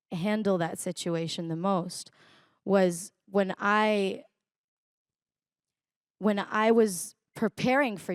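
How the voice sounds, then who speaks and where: A young woman, a guest recounting her personal story in an interview, reflective and halting, with many fillers. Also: mid-range voice, a little mellow, dry recording, clean studio sound. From Israel. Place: conference stage.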